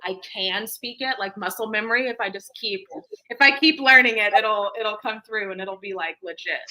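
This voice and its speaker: A woman co-hosting a casual livestream chat from home, rambling and animated. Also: medium pitch, moderate pace, poor audio. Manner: rambling, animated, talks to her dog. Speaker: co-host. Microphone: headphones with computer mic.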